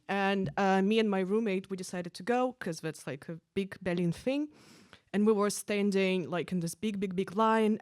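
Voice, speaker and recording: A woman's voice: medium pitch, dry recording, clean studio sound. Young woman doing chatty stand-up. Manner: casual, chatty, full of "like" and "um". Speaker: stand-up comedian. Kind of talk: stand-up comedy set. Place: stage at a live event.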